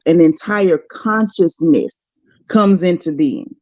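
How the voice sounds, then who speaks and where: A woman's voice: fairly low pitch, expressive, unhurried, a little mellow, no echo, muffled recording. Effusive woman chatting with her livestream viewers. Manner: emotional, effusive, talks to chat viewers by name. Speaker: livestream host. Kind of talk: casual livestream chat.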